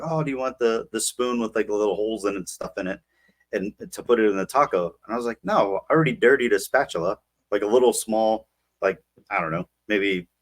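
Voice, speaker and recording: Rambling low-voiced young man. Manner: rambling, filler-heavy storytelling. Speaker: podcast co-host. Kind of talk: casual chat.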